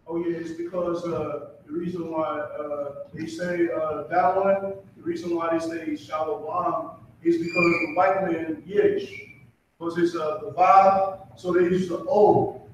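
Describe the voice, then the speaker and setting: A student answering a question in class, halting, with many fillers. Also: male voice, a little high, a little hiss or hum. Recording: echoey room, far from mic.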